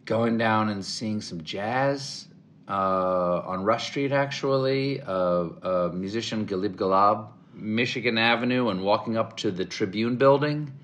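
A middle-aged man from the American South, a guest in an interview, telling animated stories and acting out the voices he quotes. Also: lowish voice, measured pace. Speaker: interview guest, comedic actor. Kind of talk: casual interview storytelling.

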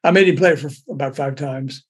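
A man's voice: medium pitch, fast, breathy edge. An older man, raised in Memphis, telling a long rambling anecdote, laughing and restarting as he goes. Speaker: storyteller guest.

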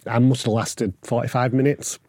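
A man, telling personal stories in a lively way and acting out the voices of other people. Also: medium pitch, normal speed, no echo. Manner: animated, acts out quoted voices. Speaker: guest. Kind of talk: conversational storytelling.

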